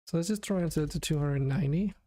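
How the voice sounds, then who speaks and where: An exhausted man streaming game development, thinking aloud in a monotone, muttering to himself as he works through problems. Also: a little high, very fast. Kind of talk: thinking aloud while coding.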